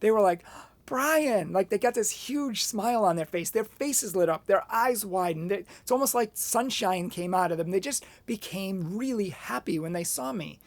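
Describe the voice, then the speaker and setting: A man giving a Catholic motivational talk, earnest and expressive as he tells personal anecdotes. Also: high voice, normal speed, few pauses, no echo. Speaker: Catholic speaker.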